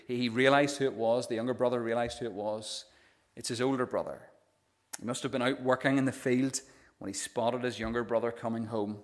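A male pastor delivering a sermon earnestly, retelling a parable and often repeating first sounds as he starts phrases. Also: medium pitch. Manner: earnest, storytelling, frequent stammered restarts.

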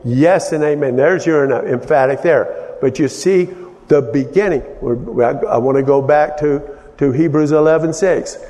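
A man preaches in a slow, unhurried teaching sermon, his voice sitting somewhat high for a man. He explains things haltingly, often restarting his sentences. The sound rings with a long hall reverb. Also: warm tone. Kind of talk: sermon-style Bible teaching.

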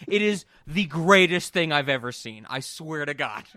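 A man's voice: on the high side, moderate pace, background noise. A man co-hosting a casual podcast, gushing and laughing as he acts out scenes. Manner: gushing, laughing, animated retellings. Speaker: podcast co-host.

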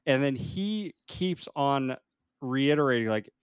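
A man's voice: mid-range voice, expressive, takes it slowly, smooth, no echo, studio quality. A man co-hosting a podcast, casually recapping a movie scene by scene and laughing often. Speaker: podcast co-host. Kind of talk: casual chat.

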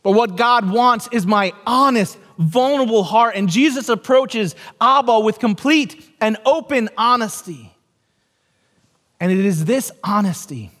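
An earnest male pastor in his forties preaches in a church, repeating his key phrases and telling stories. His voice sits high for a man. A long reverb from the hall trails behind him. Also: lively intonation, unhurried, a bit bright. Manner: repetitive, earnest, storytelling. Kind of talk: sermon.

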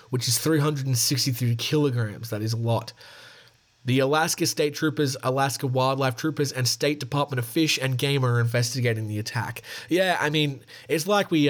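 A man in a middle-pitched voice reads news stories aloud for a podcast, tripping over words and correcting himself as he goes. He breaks off into loose, chatty remarks between passages. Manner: stumbles and restarts while reading, chatty asides. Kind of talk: reading news articles aloud with casual commentary.

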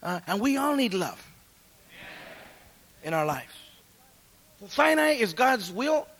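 A middle-aged man preaching a sermon and telling his own testimony in street slang, going from loud calls down to hushed asides. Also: high voice, sing-song, takes it slowly.

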